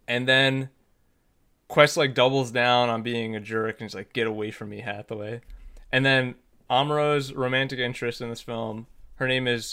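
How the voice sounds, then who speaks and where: A man co-hosting a podcast, casually recapping a film plot with lots of fillers and quick acted-out character lines. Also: medium pitch, smooth. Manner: animated, many fillers, acts out characters' lines. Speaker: podcast co-host.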